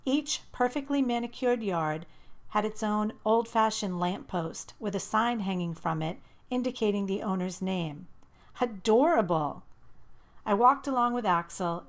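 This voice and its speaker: A woman narrating a first-person audiobook in a lively, expressive way. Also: mid-range voice.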